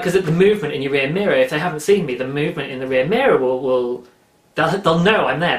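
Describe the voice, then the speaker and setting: Chatty English man in an echoey room. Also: on the high side. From England. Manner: rambling, chatty, self-interrupting. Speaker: podcast host. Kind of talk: casual chat.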